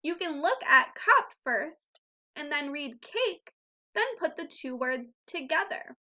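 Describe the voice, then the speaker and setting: A woman teaching a phonics lesson to young children, speaking slowly and clearly and drawing out each sound. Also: high-pitched, lively intonation, sharp tone, lo-fi sound. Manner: slow, clear, encouraging teacher talk with drawn-out sounds. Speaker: first grade teacher.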